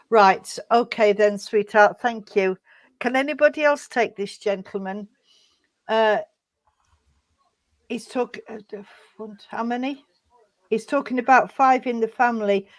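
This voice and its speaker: A woman medium giving messages during a service, her voice sitting a little high. She speaks haltingly with plenty of fillers and restarts. She calls her listeners sweetheart. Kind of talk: mediumship demonstration.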